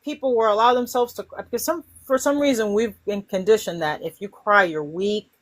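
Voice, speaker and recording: A woman hosting a casual spiritual chat, talking in an animated way and acting out inner voices. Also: mid-range voice, brisk. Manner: animated, acts out inner voices with sighs and cries. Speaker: host.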